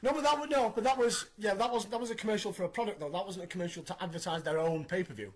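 High-voiced man in his thirties hosting. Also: racing. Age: 30s. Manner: animated, opinionated recapping. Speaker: podcast host. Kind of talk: casual podcast chat.

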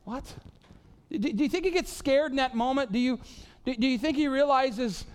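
A man's voice: very high-pitched, normal speed, smooth. A man preaching a casual, joking sermon full of "y'all" and "like". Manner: animated, joking, says "y'all" and "like" a lot. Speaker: pastor.

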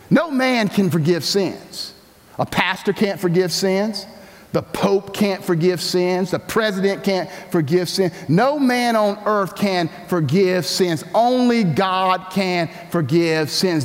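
A man preaches in a high, very lively voice, stretching his words slowly and rising sharply for emphasis. His sermon rings out with a long reverb, as if filling a church sanctuary. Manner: animated preaching, rising high and loud for emphasis, slow and drawn out. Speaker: pastor.

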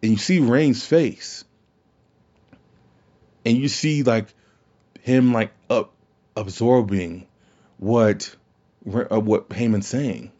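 A man talks through his opinions in a loose, rambling podcast style, often restarting his sentences and swearing now and then. His voice is mellow and dark. The recording sounds dull and lo-fi. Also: on the low side, slow, pauses often. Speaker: wrestling podcast host. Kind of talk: casual opinion podcast talk.

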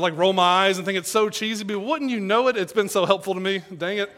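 A man's voice: sits high, lively intonation, fast, hardly any pauses, fairly bright tone. A man from East Tennessee preaching a sermon in a conversational, earnest way, building to emphatic points. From East Tennessee, USA.

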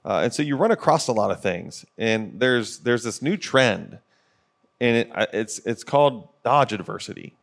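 A man's voice: medium pitch, expressive, moderate pace, vocal fry. A man in his forties co-hosting a podcast from a studio, talking in an earnest, coach-like way with frequent fillers. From Ohio, USA. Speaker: podcast co-host. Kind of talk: casual motivational podcast talk.

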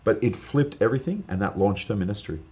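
A man, a guest preacher, telling an earnest, animated testimony story in casual podcast chat, with lots of fillers. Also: fairly low pitch, fast talker.

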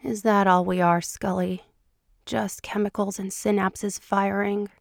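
A woman voicing a teasing man who speaks in a low, even, conversational tone. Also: measured pace, gravelly, no room sound, studio quality. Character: teasing wry man, an FBI agent.

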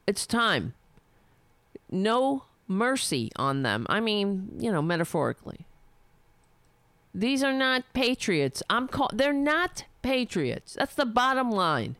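A woman's voice: mid-range voice, sing-song, slow, fairly bright tone, no echo. A woman delivering a heated, sarcastic, profane political rant, speaking for herself. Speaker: political commentator.

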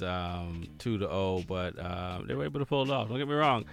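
A man's voice: low-pitched, brisk, fairly bright tone, soft background music. A man hosting a radio show, chatting casually about sports with lots of ums and restarts.

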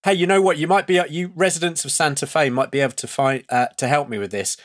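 A man's voice: a little high, steady tone, fast. Man, playful co-host, jokey anecdote teller. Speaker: podcast co-host. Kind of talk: casual podcast chat.

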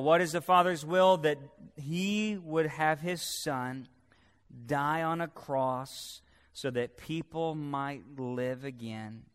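A man preaching a sermon with passion, swinging between loud declarations and hushed, quiet passages, and calling on the congregation to repeat after him. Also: on the high side, slow pace, clean tone. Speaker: pastor. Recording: long reverb of a large hall.

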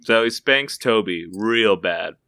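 A man with a smooth, clear, fairly low voice, chatting casually on a comedy podcast. He spins an improvised plot as a laughing storyteller. The sound is dry, with no room echo at all. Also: animated, takes it slowly, sharp tone. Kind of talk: casual chat.

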